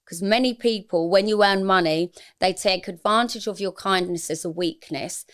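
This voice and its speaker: Interview guest: woman, 40s, candid and confessional, average pitch. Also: moderate pace, a bit bright. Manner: frank, emotional, confessional.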